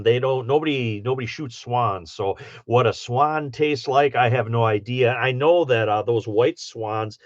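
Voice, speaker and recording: A man's voice: mid-range voice, no room sound. Middle-aged upper midwest guy rambling on a livestream, lotsa ums, dull dry sound. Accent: Upper Midwest, Michigan. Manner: rambling, folksy, many fillers. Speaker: livestream host reading chat. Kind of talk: casual livestream chat.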